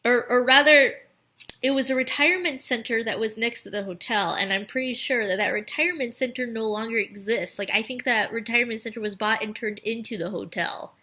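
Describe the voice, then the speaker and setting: A woman's voice: fairly high pitch, fairly quick, sharp tone. A young woman vlogging, telling a story in a chatty, rambling way full of filler words. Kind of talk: casual storytelling to camera.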